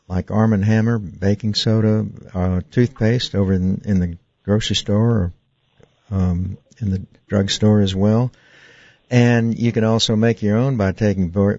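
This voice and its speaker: A man's voice: on the low side, a little mellow, no room sound. A man hosting a call-in radio show as a dentist, explaining things earnestly with frequent fillers and restarts. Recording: dry, muffled radio studio sound.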